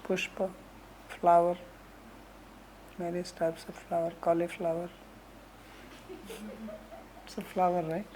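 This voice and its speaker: A woman who teaches scripture verses, explaining them slowly with homely examples and frequent "right?" asides. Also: lowish voice, flat delivery, mellow, slight background noise, low-quality recording. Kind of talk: lecture on Sanskrit verses.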